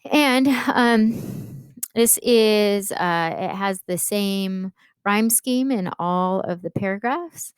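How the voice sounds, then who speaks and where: A woman's voice: medium pitch, slow pace, clear, resonant tone, dry recording. A woman English teacher explaining a poem in a patient classroom lecture, with frequent fillers.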